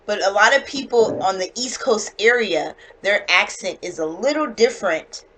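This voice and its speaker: A woman with a standard North American accent teaching a one-on-one English lesson over a video call. She explains slowly and clearly, with patience. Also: mid-range voice, lively intonation, a bit bright, slight background noise, poor audio. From United States.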